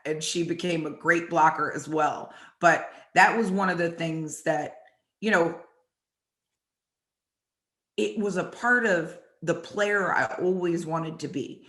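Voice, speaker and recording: A woman hosting and telling animated stories about her football days, acting out the lines people said. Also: lowish voice, takes it slowly. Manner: animated, acts out quotes from the story. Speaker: host and former football player. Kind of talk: storytelling chat. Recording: echoey room.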